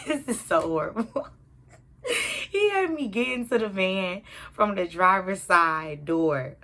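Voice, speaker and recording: A young adult woman telling a personal story to her viewers in an animated, chatty way. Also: low voice. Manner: animated, talks straight to viewers. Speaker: YouTuber. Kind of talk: storytime vlog.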